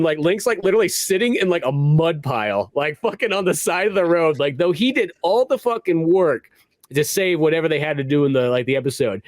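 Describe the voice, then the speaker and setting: A man's voice: a little high, a little mellow, no echo. A man co-hosting a podcast, chatting crudely about old games, laughing often and acting out characters in mocking voices. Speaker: podcast co-host. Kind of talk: casual crude comedic chat.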